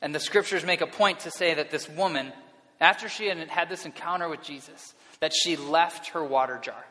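Guy preaching a sermon, bright forceful voice, lots of hall echo, earnest, repeats himself. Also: a little high, normal speed. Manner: earnest, repeats words as he restarts. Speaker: pastor. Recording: long reverb of a hall.

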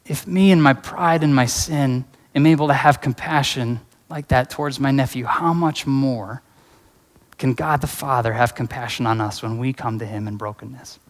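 A man's voice: mid-range voice, steady tone, normal speed. A man preaching a sermon in an earnest, conversational way, weaving in personal stories. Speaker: pastor. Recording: reverberant hall.

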